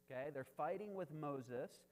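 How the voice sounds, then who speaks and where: A man with a somewhat high voice preaches in a casual, conversational way, checking in with "right?" as he goes. His voice rings out with the long reverb of a large hall. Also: a little slow, a little mellow. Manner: conversational preaching, frequent "right?" asides, chuckles. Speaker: pastor. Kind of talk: sermon.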